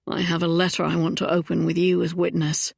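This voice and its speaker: A woman's voice: fairly low pitch, completely flat delivery, fairly quick, gravelly, darkish tone, husky, no room sound, clean studio sound, full character voice. A woman voicing a charming, roguish young Regency duke in an audiobook, speaking wryly and then earnestly. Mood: teasing.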